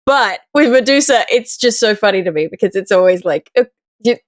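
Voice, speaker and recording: A woman co-hosting a casual gaming podcast, animated and wry, teasing the others. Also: medium pitch, a little fast, no echo, clean studio sound. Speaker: podcast co-host. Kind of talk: casual panel chat.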